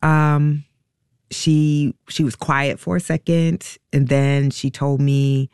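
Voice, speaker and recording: A woman being interviewed about her life. She speaks haltingly and reflectively, with many pauses and restarts, and sounds emotional and close to tears. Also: sits low, little pitch movement, a little mellow, smooth, dry recording. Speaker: interview guest, a mother. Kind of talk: personal storytelling in an interview.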